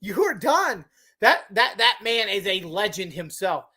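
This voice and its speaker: A woman's voice: medium pitch, very animated, unhurried, bright, forceful tone. Emphatic woman trash-talking on a podcast. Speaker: podcast co-host. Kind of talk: casual wrestling chat.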